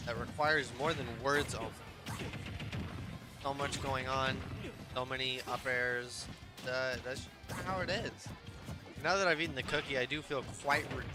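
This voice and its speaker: A young man doing laid-back, jokey color commentary on a live esports match. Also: mid-range voice.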